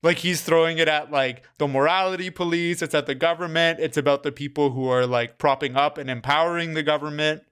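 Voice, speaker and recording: A man's voice: fairly high pitch, steady tone, a little fast, hardly any pauses, a bit bright, clean tone. A man co-hosting a casual film chat, thoughtful and earnest. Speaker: film podcast co-host.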